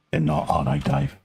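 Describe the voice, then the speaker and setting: A man chatting casually and joking with his co-host while talking through each step of building a model kit. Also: a little mellow.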